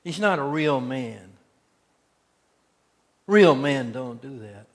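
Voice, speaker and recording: A man's voice: medium pitch, lively intonation, takes it slowly. A man preaching a sermon as pastor, telling folksy stories and acting out quotes. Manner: folksy storytelling with acted-out quotes. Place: church sanctuary. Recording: long church hall reverb.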